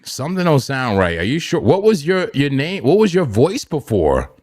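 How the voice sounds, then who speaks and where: A man's voice: mid-range voice, wildly swooping pitch, moderate pace, darkish tone. A man hosting a casual crypto trading livestream, joking and repeating himself as he talks.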